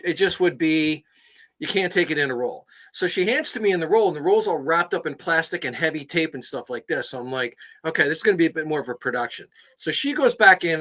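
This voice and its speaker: A man co-hosting a podcast, telling a story in casual chat, animated and laughing as he acts out both sides. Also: fairly high pitch. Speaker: podcast co-host.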